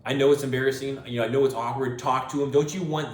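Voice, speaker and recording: A man delivers an opinionated monologue as host, lecturing his listeners emphatically and hammering points home through repetition. His voice sits at an ordinary middle pitch. The recording carries a noticeable room echo. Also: fairly even intonation, fast. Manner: emphatic, lecturing, repeats phrases for stress. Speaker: podcast host.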